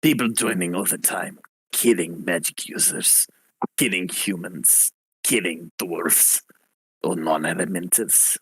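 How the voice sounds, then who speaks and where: A man voicing an angry male revolutionary leader in a slow, low, menacing delivery with a put-on French accent that comes across Russian. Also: fairly bright tone, breathy edge, dry recording, full character voice. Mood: grim.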